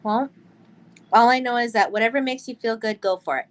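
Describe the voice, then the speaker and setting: A woman co-host with a somewhat high voice who speaks earnestly on serious topics. She rambles through fillers and restarts as she works out her point. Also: a little fast. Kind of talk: casual chat.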